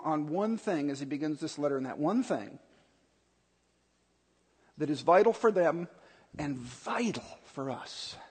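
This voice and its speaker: High-voiced man preaching slowly in a hall. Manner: earnest, emphatic preaching with repetition. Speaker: pastor. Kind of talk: sermon.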